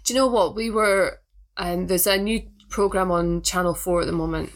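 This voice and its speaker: A woman's voice: lowish voice, steady tone, normal speed. A woman from Britain chatting casually as a co-host, rambling with frequent restarts and hesitations. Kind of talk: casual chat.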